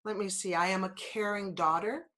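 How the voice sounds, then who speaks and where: Speaking at normal speed, a woman with a medium-pitched, pushed and bright voice keeps her intonation fairly even. She's a New Zealand podcast host in her fifties, slightly congested, delivering upbeat motivational talk with many repeated affirmations.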